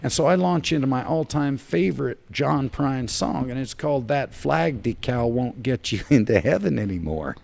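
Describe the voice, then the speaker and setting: A man from the United States, a podcast guest, telling a long story with big swings between loud and soft. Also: medium pitch, animated, normal speed, creaky, few pauses.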